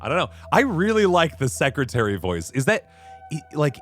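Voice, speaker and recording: A man's voice: a little high, very animated, normal speed. A man streaming a video game, chatting playfully and reacting to what he sees. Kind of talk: let's play commentary. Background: faint game music.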